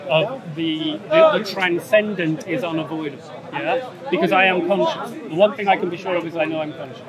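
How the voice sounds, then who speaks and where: Expressive and fairly quick, a middle-aged man with a voice that sits high argues his agnostic position in a busy city space, walking through his reasoning and asking "yeah?" to confirm agreement. He speaks into a handheld mic held out by a crew member, with loud crowd noise in the street recording.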